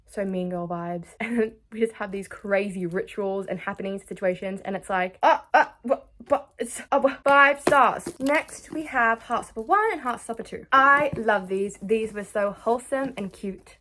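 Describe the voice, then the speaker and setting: A woman's voice: medium pitch, fairly bright tone, a little hiss or hum. A young woman in a casual vlog, chatting and gushing as she reviews books, trailing off mid-sentence as she searches for words. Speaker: book vlogger.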